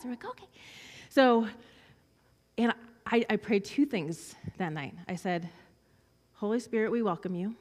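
A woman's voice: mid-range voice, moderate pace, long pauses, a little mellow, long reverb tail. A woman giving a personal testimony, telling a story and acting out the voices of the children in it. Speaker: speaker sharing a testimony.

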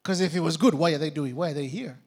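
A man's voice: on the high side, fast talker. A man preaching a sermon, dramatic and calling on the congregation to repeat after him. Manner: dramatic, calls for congregation response.

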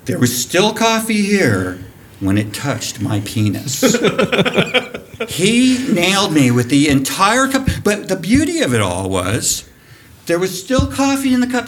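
A man who directs a diving program, telling a profane, animated story during a podcast interview and laughing as he goes. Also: high-pitched, slight background noise. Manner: animated, profane, laughs through his stories. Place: recorded on location at a college.

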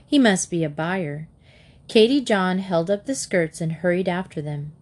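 A woman's voice: lowish voice, unhurried, darkish tone. Woman narrating a children's book. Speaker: audiobook narrator.

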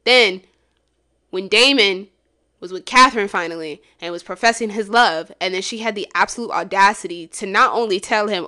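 A woman hosting a solo podcast, chatting casually, blunt and profane, swinging from low mumbles to loud exclamations. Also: moderate pace. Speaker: podcast host.

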